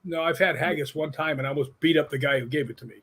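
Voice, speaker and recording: A man's voice: fairly high pitch, very fast, a little hiss or hum. A man, a guest on an interview show, telling casual anecdotes and acting out the people in them. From United States. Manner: animated storyteller who acts out quoted people. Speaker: guest, stunt coordinator and paranormal investigator.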